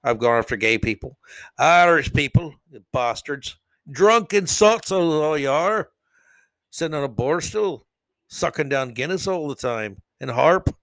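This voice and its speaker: A man hosting a solo opinion podcast, sarcastic and mocking, swinging from low mutters to loud jabs. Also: animated, unhurried, no echo. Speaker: podcast host.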